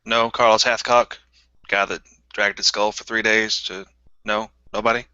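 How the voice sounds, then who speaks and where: Man with dry wisecracks, sharp bright voice, muffled lo-fi chat. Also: fairly low pitch, little pitch movement, moderate pace, clean tone, dry recording. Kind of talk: casual chat.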